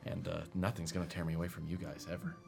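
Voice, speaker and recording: Deep-voiced man playing a tabletop game. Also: little pitch movement, fast, gravelly, music in the background. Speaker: player. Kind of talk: in-character tabletop role-play.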